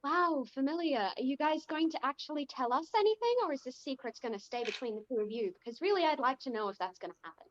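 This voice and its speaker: A woman's voice: sits high, animated, fast talker, hardly any pauses, highs cut off, slight background noise, pitched above the performer's own voice. A woman voicing a sarcastic, prying companion who speaks bluntly.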